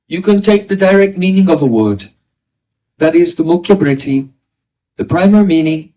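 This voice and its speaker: Male spiritual teacher, fairly high voice, caught by a distant mic, teaching a class with homely examples. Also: lively intonation, moderate pace, pauses often, dark tone. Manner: explains with everyday examples, asks listeners "right?". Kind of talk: devotional class lecture.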